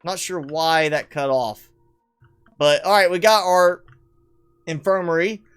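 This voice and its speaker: A man's voice: fairly high pitch, unhurried, fairly bright tone, clean tone, faint music behind. Male streamer, casual rambling commentary, self-deprecating, clean resonant tone. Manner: chatty, rambling, self-deprecating, chuckles often. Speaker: streamer showcasing player builds. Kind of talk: casual live game commentary.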